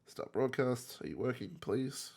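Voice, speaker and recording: A man's voice: medium pitch, animated, a little slow, vocal fry, darkish tone. A man with a nasal voice, sick with a cold, giving casual, rambling gameplay commentary that often corrects itself. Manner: rambling, self-correcting, chatty. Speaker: gaming content creator.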